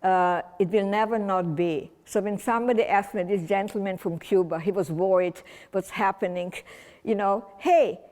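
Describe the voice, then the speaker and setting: A woman's voice: mid-range voice, normal speed, darkish tone, long reverb tail. An older woman from Transylvania giving a chatty, whimsical public talk to a community audience, rambling with restarts. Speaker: guest speaker. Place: large community hall.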